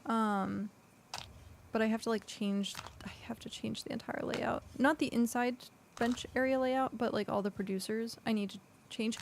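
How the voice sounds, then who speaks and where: A woman streams a game and chats casually, thinking out loud with plenty of fillers while hiccuping. Her voice is fairly high, creaky, and steady at a normal speed, with a bit of hiss or hum in the audio.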